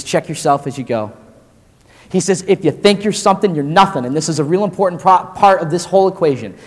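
A man in his forties gives a casual sermon with a slightly raised pitch, slangy and animated. His voice rings with the long reverb of a large hall, so the words trail off behind him. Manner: slangy and animated, says "dude" and "man" often. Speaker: pastor. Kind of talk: casual sermon to college students.

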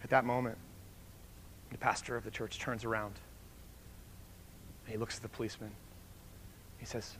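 A man preaching a sermon, telling a story with animated energy and then leading a soft, hushed prayer. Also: mid-range voice, moderate pace, long pauses, slight background noise. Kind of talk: sermon with story and altar call.

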